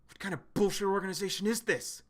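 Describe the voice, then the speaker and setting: A man voicing an enraged young male fighter from a comic, swearing and shouting threats. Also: high-pitched, fast talker, pitched above the performer's own voice. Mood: angry. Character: furious young man fighter, hot-tempered.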